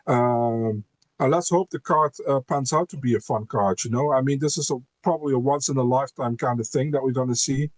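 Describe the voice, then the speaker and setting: A man's voice: mid-range voice, brisk, no echo. A laid-back man talks casually on a podcast, often circling back on his words with "you know" and "man". His voice sits in a middle range and is recorded dry and close, with no room sound. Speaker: podcast guest, MMA co-host.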